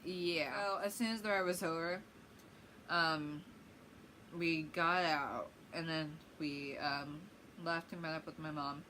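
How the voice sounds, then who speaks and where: A woman's voice: deep voice, fairly even intonation, slow, sharp tone, a little hiss or hum, low-quality recording. Giggly young woman rambling through a story. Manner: rambling, giggly, lots of fillers. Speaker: vlogger. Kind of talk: casual story time.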